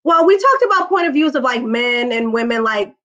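Woman guest, slangy and laid-back, bright tense tone, dull lo-fi audio. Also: a little high, lively intonation, fairly quick. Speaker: podcast guest. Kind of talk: casual interview chat.

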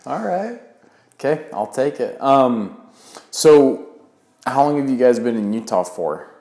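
A man's voice: medium pitch, expressive, a little slow, mellow. A man hosting a podcast interview in a casual, easygoing way with frequent fillers. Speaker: podcast host. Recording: roomy echo.

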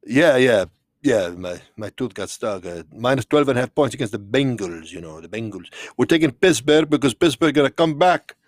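A man's voice: medium pitch, animated, normal speed, no echo, clean studio sound, natural voice. A man voicing a tipsy, rambling male vampire count who slurs and jokes about his football bets. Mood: boastful. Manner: slurred, rambling, drunk-sounding.

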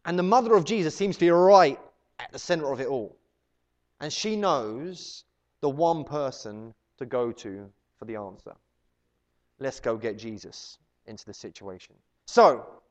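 A man's voice: mid-range voice, lively intonation, measured pace. A man preaching a conversational sermon, chatty and often acting out little everyday scenes. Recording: dull lo-fi sound.

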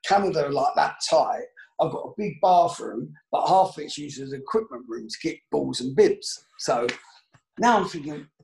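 A man, a former footballer, telling an anecdote casually, animated and swearing freely. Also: a little high, normal speed, gravelly.

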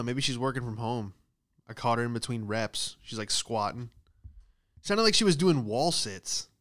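A man's voice: medium pitch, a bit bright, smooth. A man doing a casual, profane comedic monologue, riffing with exaggerated bits about everyday hassles. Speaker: comedian host.

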